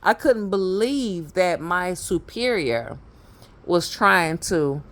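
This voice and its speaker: A woman's voice: lowish voice, expressive, takes it slowly. A woman vlogger telling a personal story to her viewers, chatty and laughing often, with many fillers and asides. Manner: addresses viewers directly. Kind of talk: storytelling monologue.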